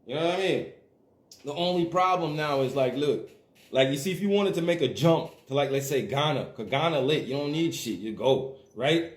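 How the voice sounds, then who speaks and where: Guy with a high voice going off on a livestream, swearing a lot, roomy echo. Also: expressive, moderate pace. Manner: profane, emphatic ranting. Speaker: livestream host. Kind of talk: casual livestream rant.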